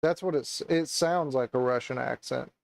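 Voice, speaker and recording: A man's voice: mid-range voice, normal speed, creaky, dry recording, low-quality recording. A young man co-hosting a casual chat, rambling and hesitant with many fillers and restarts. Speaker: podcast co-host.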